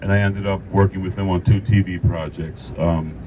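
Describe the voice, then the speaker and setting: A man's voice: low-pitched, steady tone, normal speed, background noise. A man, an actor, giving a rambling, emotional speech at an outdoor union rally, laughing and repeating himself into a handheld mic. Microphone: handheld microphone.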